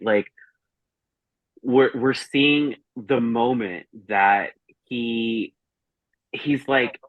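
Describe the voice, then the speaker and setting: A man's voice: mid-range voice, no room sound. Man, casual chat, rambling profane stories, dry muffled sound. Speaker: guest reviewer.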